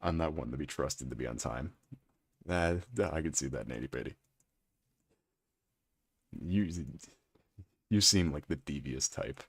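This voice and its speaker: A man with an extremely deep, gravelly voice, chatting casually with his live-stream chat while playing a game and teasing viewers. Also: expressive, measured pace, long pauses, no room sound, studio quality. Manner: chatty, teasing, reads and answers chat aloud.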